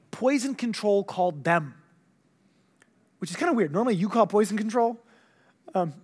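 A young man preaching a sermon, telling a story with lots of acted-out dialogue. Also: high voice. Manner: animated storytelling, acting out dialogue.

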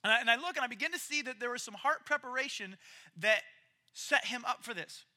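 A man preaching a casual, story-driven sermon in a lively, conversational way. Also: very high-pitched, a little fast. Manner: lively, conversational, acts out quoted characters.

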